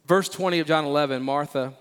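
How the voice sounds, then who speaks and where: A man preaching a sermon as pastor of a church, animated and emphatic, often repeating phrases and playfully acting out Bible characters. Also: fairly high pitch, quick pace, clean tone. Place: church sanctuary.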